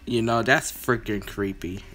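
A gamer doing let's-play commentary, often screaming in panic and yelling at a teammate. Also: medium pitch, fairly even intonation, unhurried.

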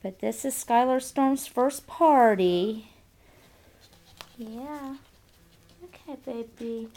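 A woman's voice: on the high side, extremely slow, a little hiss or hum. Woman cooing baby talk to her dogs. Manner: coos soft baby talk to pets, laughs often. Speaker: dog owner filming a birthday party. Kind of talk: home video chat, baby talk to dogs. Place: home, indoors. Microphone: handheld camcorder.

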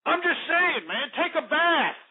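A man's voice: very high-pitched, very animated, measured pace. A man hosting a talk radio show, ranting in a profane, exasperated way with constant fillers and repeated exclamations. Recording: tinny phone-like radio audio.

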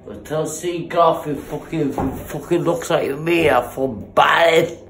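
A man's voice: fairly high pitch, a little slow, a bit bright, reverberant, a little hiss or hum. A drunk man, bantering with mates and throwing out boisterous, sweary mock threats, picked up on a phone camera. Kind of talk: casual banter among mates.

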